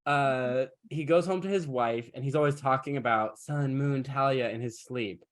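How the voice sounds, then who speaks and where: A man of middle pitch hosts a podcast in loose, casual chat. His storytelling is wry and sarcastic, and he swears freely. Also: moderate pace. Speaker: podcast host.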